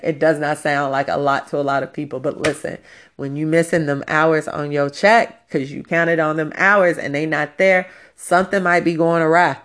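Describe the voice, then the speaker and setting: Low-voiced blunt woman talking candidly. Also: level tone, normal speed. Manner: blunt, profane, conversational. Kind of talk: candid casual talk.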